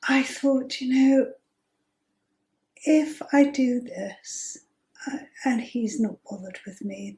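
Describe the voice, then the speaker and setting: Slow-spoken woman telling a story. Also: fairly high pitch, a little mellow, roomy sound. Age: 50s. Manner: chatty and amused, with breathy asides. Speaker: host. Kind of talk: personal storytelling.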